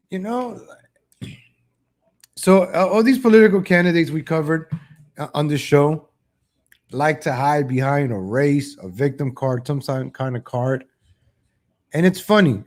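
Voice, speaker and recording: On his political commentary livestream, a male host rambles sarcastically and keeps restarting his sentences. He mocks politicians by mimicking them in a higher voice and often says "ladies and gentlemen."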